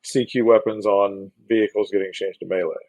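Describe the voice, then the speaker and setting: Low-voiced man checking the rules. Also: little pitch movement, fairly quick, darkish tone, dry recording, rough recording. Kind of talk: casual tabletop wargame chat.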